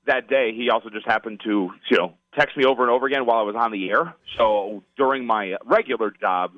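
A man's voice: medium pitch, no room sound. Man, radio guest, opinionated, emphatic, dry sound, slightly muffled line. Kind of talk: sports talk radio interview.

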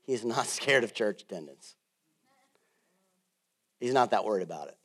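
Animated preaching man, loud to soft. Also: lowish voice, normal speed. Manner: conversational, jokey preaching. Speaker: pastor. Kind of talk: sermon.

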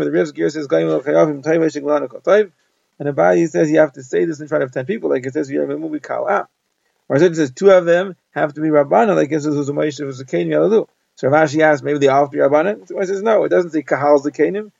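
Guy running thru a talmud page summary super fast, very gravelly voice, verses then quick english explanation, dull lo-fi sound. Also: on the high side, a little mellow, dry recording. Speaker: Talmud teacher.

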